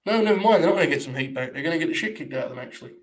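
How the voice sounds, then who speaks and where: A young man talks casually through a live stream, blunt and sarcastic, with plenty of swearing. His voice sits a little high for a man. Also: lively intonation, rapid-fire. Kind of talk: casual live commentary on wrestling.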